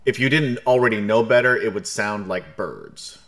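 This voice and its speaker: New man as game master, bright and forceful tone, easy storytelling with frequent ums. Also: fairly low pitch, normal speed. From New York. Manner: relaxed storytelling with frequent ums, joking asides. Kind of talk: narrating a tabletop game.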